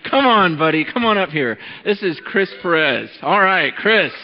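Animated male pastor in an echoing hall. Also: sits high, moderate pace, a little hiss or hum. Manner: animated, conversational preaching with a live demonstration. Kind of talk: sermon. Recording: dull lo-fi recording in a reverberant hall.

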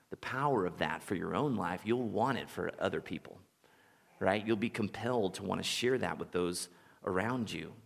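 Low-voiced preacher in a reverberant sanctuary. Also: male voice, vocal fry. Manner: conversational storytelling preacher, chuckles as he speaks. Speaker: pastor. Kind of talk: sermon. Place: church sanctuary.

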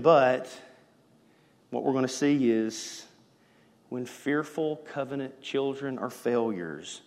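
A man preaching a sermon, animated, swinging between loud emphasis and hushed lines. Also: a little high. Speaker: pastor. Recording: echoey hall.

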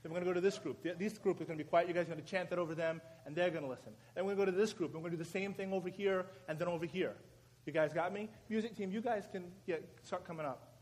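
A man preaching at a prayer meeting, giving directions and leading the crowd in a chant that he drives louder with shouted commands. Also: high voice, racing. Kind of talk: sermon and call-and-response chant leading. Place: church or prayer meeting hall. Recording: live room with crowd and background noise.

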